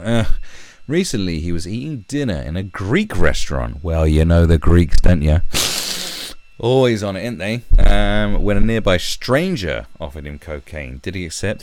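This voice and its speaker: A man's voice: deep voice, a little mellow. A man ranting angrily in commentary, swearing and mocking. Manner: angry, sweary rant with mocking put-on voices.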